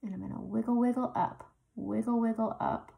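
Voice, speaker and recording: A woman's voice: on the high side, fairly even intonation, normal speed, gravelly, dark tone. A woman hosting a makeup tutorial, chatting casually as she talks through each step she applies.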